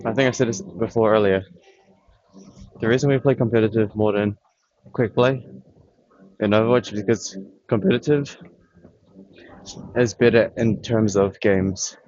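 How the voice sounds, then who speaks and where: A man with a lowish voice chats about games while still catching his breath, rambling and thinking aloud with pauses. The audio is a bit dull and lo-fi. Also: a little mellow, no room sound. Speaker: vlogger. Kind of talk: casual chat about games.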